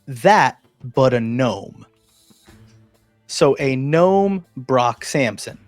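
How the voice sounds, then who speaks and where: A man's voice: mid-range voice, lively intonation, extremely slow, no echo, soft background music. A man hosting a casual chat, telling a long story with many restarts and fillers. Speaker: podcast host.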